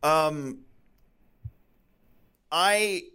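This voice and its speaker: A man's voice: fairly high pitch, extremely slow, bright, forceful tone, a little hiss or hum. A man hosting a podcast, teasing his co-host in casual chat. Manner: teasing, playful.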